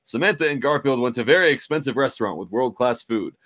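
A man reading a silly novel aloud, narrating in a mock-dramatic, deadpan way. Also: medium pitch, fast talker.

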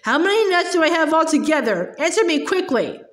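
A woman voicing a cruel, booming giant of a headmistress who shouts insults and barks orders, in an echoey room. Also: sing-song, fairly quick. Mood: furious.

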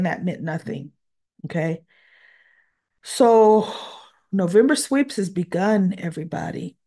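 A woman with a medium-pitched voice recaps a soap opera episode in a casual monologue. She's emotional and teary, getting exasperated and animated as she retells it.

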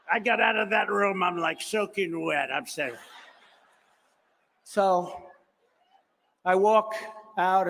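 A man's voice: sits high, a bit bright. Older man telling a story in a reverberant hall. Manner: conversational, boastful, acts out dialogue, digressive. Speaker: speaker at a political conference. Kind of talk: rambling storytelling speech to a crowd. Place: large hall.

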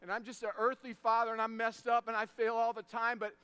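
A man in his thirties delivers an energetic sermon with an unusually high, bright and smooth voice. He tells stories with big swings, shouting the punchlines and going hushed when the moment turns tender. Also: brisk. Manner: animated, shouts punchlines, drops to soft tones for emotional moments.

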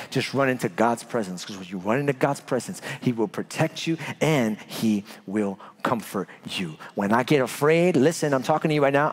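A man preaching a sermon as pastor, telling stories with big swings from loud to hushed. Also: mid-range voice. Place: church.

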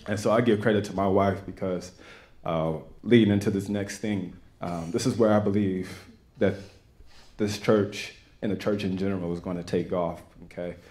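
Low, mellow-voiced man giving testimony. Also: fairly even intonation. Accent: Texan. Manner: earnest, halting, with many restarts. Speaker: church member giving testimony. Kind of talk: personal testimony to a congregation. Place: church sanctuary.

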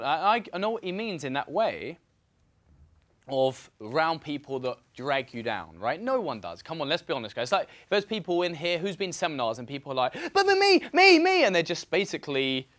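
A man coaching a room full of students at a seminar. His pitch moves around a lot as he talks, and he keeps checking in with "right?" and "you know?" as he goes. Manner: animated, repetitive, fillers like "right?" and "you know". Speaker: real estate mentor. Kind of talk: seminar talk to a group.

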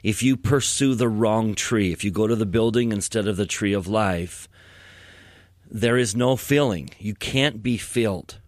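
A man's voice: lowish voice, measured pace, dry recording, clean studio sound. A man co-hosting a scripture podcast, explaining earnestly and reading verses at length. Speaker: podcast co-host. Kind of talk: casual scripture discussion.

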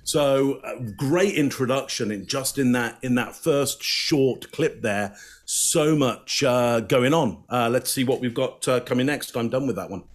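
Man, panel commentator, measured, frequent uhs, mid-range pitch. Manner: measured, many filler "uh"s. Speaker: body language analyst panelist.

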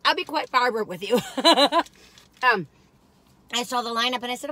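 A woman's voice: a little high, moderate pace, sharp tone. An older woman, rambling in a folksy, exclamatory way while reviewing cookies on her vlog. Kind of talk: casual chatty food review.

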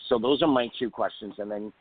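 A man's voice: mid-range voice, brisk, crowd noise. A man hosting a radio interview, asking long, earnest, rambling questions. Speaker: radio show host. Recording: phone-like call line.

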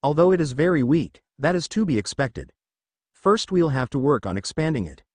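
A man's voice: on the high side, sing-song, moderate pace, a little mellow, dry recording. A man voicing an ancient male fire dragon who talks like a matter-of-fact mentor. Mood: gruff.

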